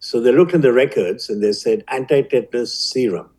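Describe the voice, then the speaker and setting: A man in his seventies with an Indian accent, a physician telling his life story as a guest in an interview, measured and vivid. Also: mid-range voice, lively intonation, dark tone, rough recording. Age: 70s.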